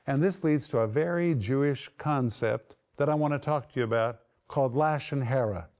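A man's voice: medium pitch, moderate pace, a little mellow. A man giving a teaching sermon, explaining words one by one with strong emphasis. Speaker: Bible teacher.

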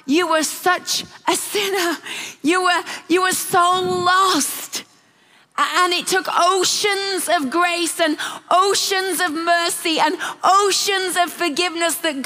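A woman's voice: extremely high pitch, sharp tone. A woman preaching a sermon, telling stories and acting out the quoted voices with animation. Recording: long hall reverb.

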